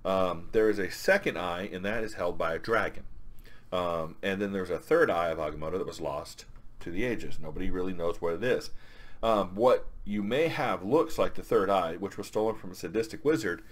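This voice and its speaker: A man voicing a wizard in his own casual, quick, paraphrasing manner. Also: low-pitched.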